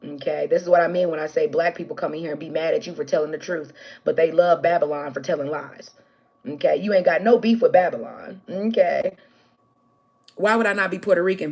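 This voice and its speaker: An American woman on a livestream, talking straight at her viewers in a blunt, confrontational rant. Her voice sits somewhat low for a woman, and she keeps punching lines with a sharp "okay?" as she swears her way through. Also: steady tone, fairly quick, gravelly, breathy edge. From United States. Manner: addresses viewers directly, repeating "okay?". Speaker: livestream host. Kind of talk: livestream rant answering chat.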